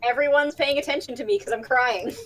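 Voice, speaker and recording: A woman playing in an online tabletop game, animated and jokey. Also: sits high, fairly quick. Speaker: player. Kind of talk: tabletop role-play chat.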